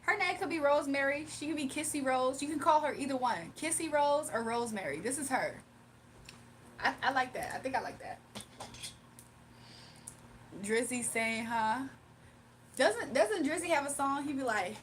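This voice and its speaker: Young woman on a livestream, kinda high voice, laughing and chatting with viewers, bit far from the mic. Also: expressive, normal speed, pauses often, slight background noise. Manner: playful, laughing, talks to chat. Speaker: livestream host. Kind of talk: casual livestream chat.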